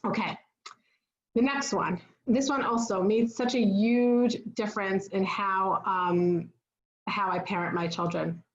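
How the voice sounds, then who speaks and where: A woman's voice: medium pitch, steady tone, measured pace, echoey room, lo-fi sound. Earnest woman giving a parenting talk. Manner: earnest and instructive, often asks "right?". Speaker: parenting speaker.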